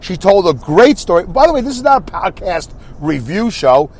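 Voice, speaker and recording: A man's voice: high-pitched, big pitch swings, moderate pace, a little mellow. A man with a New York accent from Brooklyn, hosting a podcast in a rambling, chatty way, correcting himself and going off on asides. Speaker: podcast host. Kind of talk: casual solo podcast chat.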